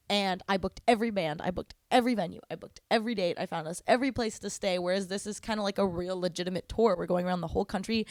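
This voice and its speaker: A woman's voice: mid-range voice, no echo, clean studio sound. Chatty woman singer in an interview. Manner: chatty, laughs often, lively storytelling. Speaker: band vocalist guest. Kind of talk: casual interview chat.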